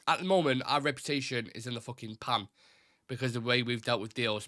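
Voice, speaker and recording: Hosting a fan talk show on a live stream, a young Mancunian man from Salford, Greater Manchester, reads viewer comments aloud and responds in a blunt, opinionated way. He swears and speaks quickly and with energy, his mid-range voice recorded in clean, dry studio sound.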